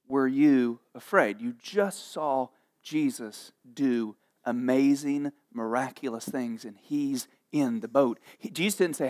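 A man with a high voice preaches a sermon with plenty of energy. He jokes with his listeners and acts out the people in the story in a playful, animated way. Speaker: pastor.

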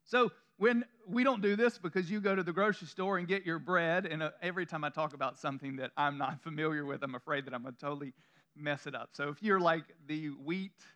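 Southern male pastor, high bright voice, preaches in a loose conversational way with chuckles and self-deprecating asides. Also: fast talker. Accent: Southern American. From Southern United States. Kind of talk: sermon. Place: church room before a congregation.

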